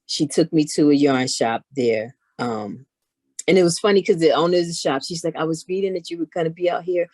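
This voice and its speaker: Low-voiced woman telling lively stories. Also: fairly quick, no echo. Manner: animated, acts out others in her stories. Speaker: guest, knitwear maker. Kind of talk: casual storytelling chat.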